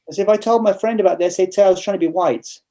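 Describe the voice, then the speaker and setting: A man's voice: sits high, quick pace, dark tone. A man with an English accent, a guest in a casual interview, telling stories bluntly with frequent restarts. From England.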